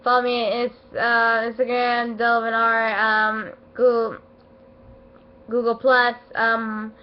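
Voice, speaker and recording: Excitable rambling woman, lo-fi recording. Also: fairly high pitch, slow pace. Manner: excitable, emotional, rambling with many fillers and restarts. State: voice not at its best, feeling unwell. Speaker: anime episode reviewer. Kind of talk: casual rambling review. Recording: dull lo-fi home recording.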